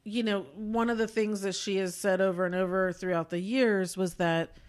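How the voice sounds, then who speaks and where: A woman's voice: medium pitch, steady tone, moderate pace. A woman co-hosting a podcast, reviewing a movie in a chatty, rambling way with many fillers. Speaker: podcast co-host. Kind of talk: casual chat, movie review.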